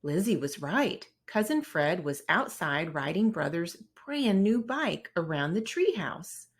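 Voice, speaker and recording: A woman's voice: on the low side, big pitch swings, a little slow, slightly rough. A woman reading a children's picture book aloud, narrating expressively and voicing the characters. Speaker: storybook read-aloud narrator.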